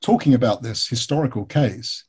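English male biographer, interview guest, warm husky tone, chatty anecdotal delivery. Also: medium pitch, moderate pace. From England. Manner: candid, storytelling, frequent fillers. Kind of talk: conversational interview answers.

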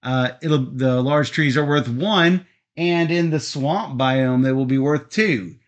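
Slow, methodical man teaching rules. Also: mid-range voice, dull audio. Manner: steady, methodical, frequent fillers. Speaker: board game teacher. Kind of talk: explaining game rules.

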